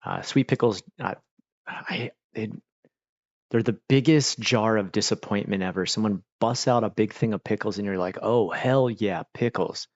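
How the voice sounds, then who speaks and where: A man from Pennsylvania hosts a casual livestream, talking while he eats. He rambles and drifts off topic, with a lowish voice. His audio is dry and slightly muffled. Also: normal speed, no room sound. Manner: rambling, chatty, talks while eating. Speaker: livestream host.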